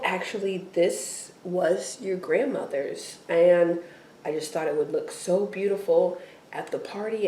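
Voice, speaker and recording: A woman co-hosting a casual recap chat, animated and acting out characters' lines in quick playful voices. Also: on the low side. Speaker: podcast co-host recapping a TV episode. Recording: echoey room, far from the mic.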